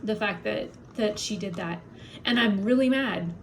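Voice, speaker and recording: A woman vents on her vlog in a blunt, indignant rant, her mid-pitched voice laced with heavy swearing. She sounds upset and worn down by migraine pain, with a faint hum of room noise behind her. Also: a little slow. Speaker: vlogger. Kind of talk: angry personal rant to camera.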